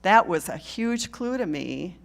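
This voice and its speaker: A woman's voice: on the low side, animated, unhurried, gravelly. Earnest woman speaking to a congregation. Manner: earnest, checks in with "okay?". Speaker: guest speaker at a church. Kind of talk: live talk to a congregation.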